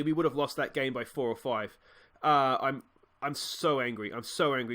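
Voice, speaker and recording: A man's voice: medium pitch, fairly quick, sharp tone. A young man with an Australian accent, commentating his football management game in a rambling, frustrated way with many restarts. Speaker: let's play host.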